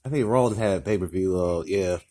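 A tired, upset man talking casually to camera in a vlog, halting and repetitive, often restarting his sentences. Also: low-pitched, dark tone. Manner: upset, ranting tone. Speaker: vlogger. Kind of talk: casual mukbang vlog talk.

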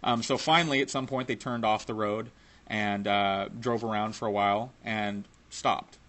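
A man's voice: on the low side, steady tone, moderate pace, a bit bright. A man telling a personal story in a casual, profane way, laughing now and then.

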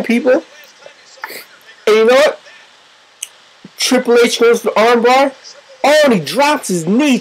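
A woman giving excitable, profane, joking play-by-play commentary over a wrestling video game. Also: on the high side, slightly rough, low-quality recording.

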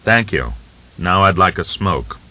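Guy doing a tired guarded cossack soldier, short clipped answers, low voice, muffled old recording. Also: animated, unhurried, dry recording. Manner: terse, guarded, restrained. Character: wary, weary, starving male Cossack soldier. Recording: dull lo-fi audiobook recording.

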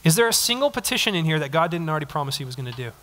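A young man preaching a casual, conversational sermon, animated, acting out little quotes. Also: on the high side, racing, in a large hall. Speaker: pastor. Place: church sanctuary.

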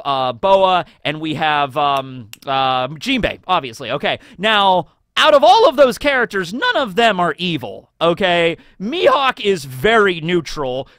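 Animated guy rambling through theory commentary, high-pitched, dry close mic. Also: no room sound. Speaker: anime theory video host. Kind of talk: casual commentary monologue.

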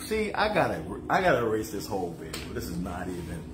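A man's voice: on the low side, lively intonation, noisy background. Chatty man in an echoey kitchen. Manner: joking, chatty, playful, drawn-out asides to viewers. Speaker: cooking show host. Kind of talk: casual livestream cooking chat. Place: home kitchen. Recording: echoey kitchen with music behind.

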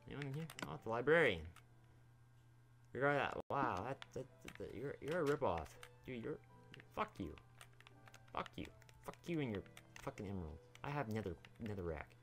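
A man's voice: mid-range voice, very animated, moderate pace, pauses often, fairly bright tone, soft background music. A young man giving casual, rambling commentary while playing a video game, swearing freely and talking to the characters on screen. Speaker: gaming YouTuber.

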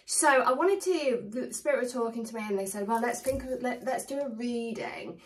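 Woman, tarot reader, casual chat to camera, slightly hoarse, a bit off-mic. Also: on the high side, normal speed, recorded from a distance, poor audio. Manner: chatty, animated, warmly addresses viewers. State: slightly losing her voice.

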